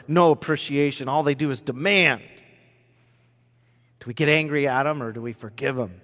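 A male pastor delivering a sermon through personal stories, swinging between loud, animated moments and hushed ones. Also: mid-range voice, moderate pace. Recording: long hall reverb.

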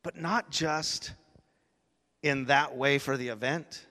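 A man preaches from the pulpit in a voice of middling pitch, telling a heartfelt story that builds to emphatic peaks. The sound carries a long reverb from a large church hall. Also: slow, pushed and bright. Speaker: pastor. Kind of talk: sermon.

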